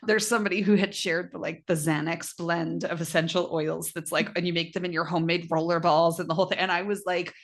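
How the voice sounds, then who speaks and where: A middle-aged woman co-hosting a podcast, telling stories in a casual, animated chat, often quoting herself and laughing. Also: lowish voice, quick pace, hardly any pauses. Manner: animated storytelling with laughs and quoted asides. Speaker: podcast co-host.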